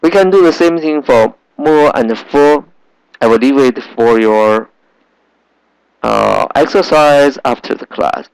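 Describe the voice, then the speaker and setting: Slow patient guy teaching a language class, mid-pitched, dry recording. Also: creaky, clear, resonant tone, dry recording, rough recording. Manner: slow, patient, repeats sounds in drills with many fillers. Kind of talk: language lesson.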